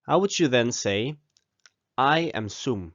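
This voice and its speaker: A man of middle pitch leads a scripted language lesson, pausing so the listener can repeat each phrase. He speaks close to the mic in a dry room. The recording sounds a little dull and muffled. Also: animated, a bit bright, dry recording. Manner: slow, deliberate model pronunciation with pauses for repeating. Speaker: language teacher.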